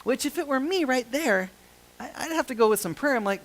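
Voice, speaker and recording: Man, pastor, sermon, high-pitched, casual jokes, self-deprecating. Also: expressive, fairly quick, fairly bright tone, rough recording. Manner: conversational, joking, self-deprecating.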